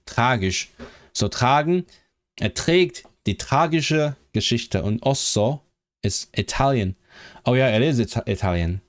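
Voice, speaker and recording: A man chatting casually on a live stream, thinking aloud and eagerly sounding out foreign words. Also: mid-range voice. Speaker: language-learning streamer.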